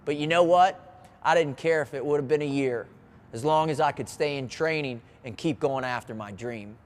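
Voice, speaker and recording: A man's voice: on the high side, moderate pace. A man telling a personal story as a motivational speaker, earnest and vivid, often restarting his phrases. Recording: long hall reverb.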